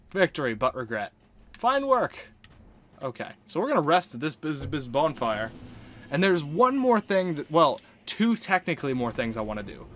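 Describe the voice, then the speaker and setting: A man giving casual gameplay commentary in an excitable, exclamatory way, swearing freely. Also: fairly high pitch, a little hiss or hum. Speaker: video game let's-player.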